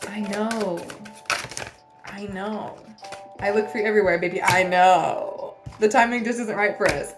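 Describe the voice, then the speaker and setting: A woman's voice: medium pitch, a little slow, over music. Blunt, swearing woman giving a reading. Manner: blunt, swearing, teasing tough love with laughs. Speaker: tarot reader. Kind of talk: casual spiritual reading to camera.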